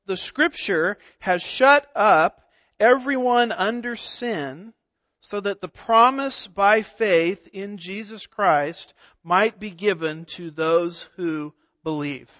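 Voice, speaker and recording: A man's voice: sits high, sharp tone, no room sound. A middle-aged man preaching an expository sermon, emphatic, asking rhetorical questions and stressing single words. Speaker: pastor. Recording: dull lo-fi sound.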